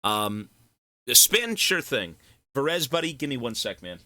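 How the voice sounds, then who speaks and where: A male live streamer chatting casually and thanking donors, excitable and effusive, swearing freely. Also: mid-range voice, unhurried.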